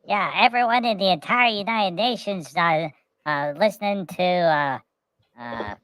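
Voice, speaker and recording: A woman co-hosting a casual livestream chat, playful, humming tunes and spelling words out loud. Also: lowish voice, a little slow, clean tone, no room sound. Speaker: co-host.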